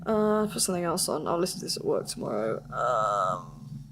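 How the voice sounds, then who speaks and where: A British woman streaming a casual chat, talkative and quick to laugh at herself. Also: rumbling low, big pitch swings, background noise. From Britain. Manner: chatty, giggly, self-mocking. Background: faint music playing.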